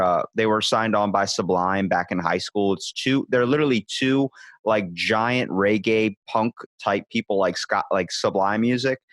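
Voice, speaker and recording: Young guy swearing a lot, telling stories fast and loose, dry close mic. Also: no echo. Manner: animated, profane, acts out quotes in a higher voice. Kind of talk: casual storytelling chat.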